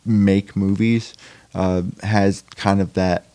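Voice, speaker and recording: A man's voice: deep voice, level tone, slow, dark tone, dry recording. A young man chatting casually as a podcast guest about acting in indie films, rambling with lots of fillers and restarts. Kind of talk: casual chat.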